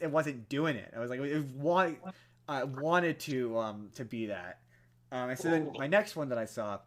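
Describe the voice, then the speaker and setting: A young man co-hosting a podcast, telling a film story in casual chat, full of fillers and restarts and growing animated as he goes. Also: medium pitch. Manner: rambling with many fillers and restarts, animated when excited. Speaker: podcast co-host.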